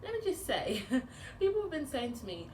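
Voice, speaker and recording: A woman's voice: high voice, huge pitch swings, normal speed. A bubbly, chatty woman with a British accent, hosting a casual baking vlog Q&A. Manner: bubbly, chatty, laughs often. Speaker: home baker and vlogger. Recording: roomy echo with background noise.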